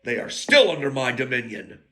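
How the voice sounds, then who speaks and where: A man's voice: medium pitch, very animated, moderate pace, pushed and bright. A man telling a rambling personal story in a blunt, crude way, drifting into side rants.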